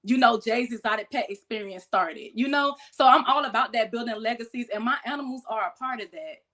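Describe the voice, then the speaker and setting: A woman, a podcast guest casually telling animated stories about keeping exotic pets and acting out quoted voices. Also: a little high, a little fast. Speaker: guest, exotic pet keeper. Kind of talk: casual storytelling chat.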